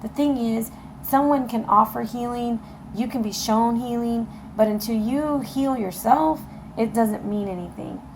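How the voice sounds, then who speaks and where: In a fairly high-pitched, darkish voice and an unhurried delivery, a woman does a casual tarot reading, with slight background noise. She talks directly to viewers, encourages them, and keeps asking "okay?", though her voice is getting tired.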